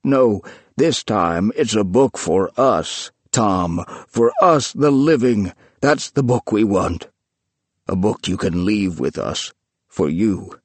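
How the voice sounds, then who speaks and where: A man's voice: on the low side, dry recording. A man voicing an earnest elderly man who coaxes and pleads. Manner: urgent, coaxing, pleading.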